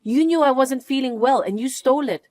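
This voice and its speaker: An actress playing a wronged young wife who answers with cool, firm defiance. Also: female voice, high voice, fairly quick, darkish tone, no echo, close to an everyday voice. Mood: upset. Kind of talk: narrated drama acting.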